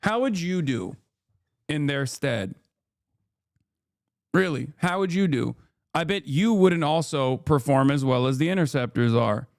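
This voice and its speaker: A man's voice: on the high side, expressive, measured pace, vocal fry, pauses often, dry recording. A man in his thirties doing live political commentary as a streamer, sarcastic and profane, ranting on a close mic.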